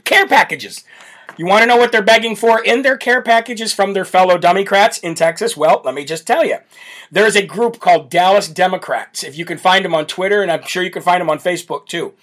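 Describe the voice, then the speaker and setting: Man, high-pitched, brash, mocking, political commentary, talk show host. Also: fairly quick, a bit bright. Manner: brash, mocking, laughs often. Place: home setup with camera.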